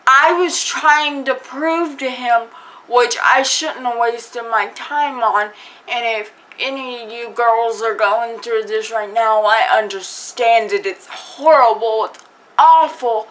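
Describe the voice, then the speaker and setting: A woman's voice: a little high, slow, a bit bright, a little hiss or hum, rough recording. A woman vlogger telling a personal story to camera in a chatty way, full of fillers and acted-out quotes. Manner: chatty, lots of fillers, acts out quoted dialogue. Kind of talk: casual storytime vlog.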